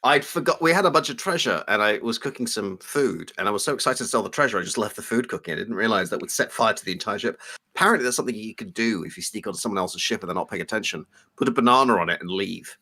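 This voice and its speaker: A man's voice: lowish voice, fast. A man co-hosting a live stream, chatting casually about video games and telling amused stories. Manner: storytelling, animated and amused. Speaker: co-host.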